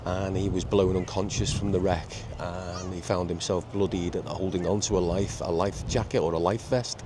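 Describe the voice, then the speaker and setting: A middle-aged man, chatting casually in a walking vlog on a seaside promenade, halting with many repeats and fillers. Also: sits low, steady tone. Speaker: vlogger. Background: faint outdoor ambience with traffic and seagulls.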